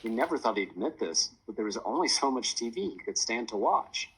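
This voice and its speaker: A man narrating a children's chapter book in a lively storytelling voice. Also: on the low side, a little fast, slightly rough, poor audio. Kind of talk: audiobook narration.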